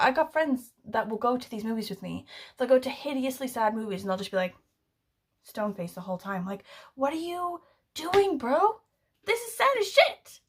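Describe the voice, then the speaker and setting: A young adult woman chatting casually in a book vlog, rambling and full of fillers as she retells stories. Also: a little high. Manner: rambling, filler-heavy, animated storytelling. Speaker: book vlogger.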